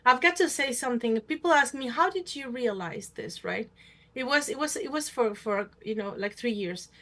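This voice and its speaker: Slightly high-voiced woman talk show host. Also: animated, moderate pace, sharp tone. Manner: storytelling, acts out other people's voices. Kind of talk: casual talk show conversation.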